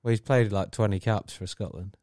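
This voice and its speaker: A man's voice: on the low side, steady tone, a little fast, darkish tone, no echo, studio quality. A man co-hosting a casual podcast chat, insistent and hesitant, with many fillers. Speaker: podcast co-host.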